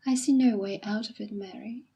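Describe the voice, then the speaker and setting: A woman's voice: medium pitch, moderate pace, mellow, breathy edge, highs cut off. A woman reading aloud as a remorseful young man who earnestly pleads with his fiancée. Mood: pleading. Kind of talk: audiobook reading.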